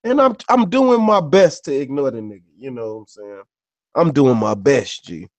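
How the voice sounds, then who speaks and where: A medium-pitched, animated man co-hosts a podcast at a moderate pace, telling stories in slangy, profane, unscripted chat that keeps circling back to "you know what I'm saying." There's no echo on his voice.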